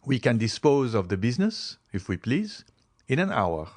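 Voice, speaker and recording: A man's voice: medium pitch, sing-song, moderate pace, no room sound. A man voicing a young merchant husband who earnestly explains to his wife.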